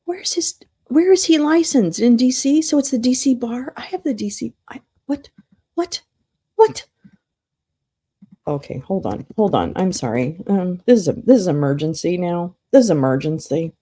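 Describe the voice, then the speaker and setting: A woman's voice: medium pitch, expressive, normal speed, hardly any pauses, dark tone, husky. A woman hosting a casual livestream, talking to her chat, humming to herself, swearing and getting flustered while she searches for something. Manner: flustered and confused, talks to chat. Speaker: livestream host.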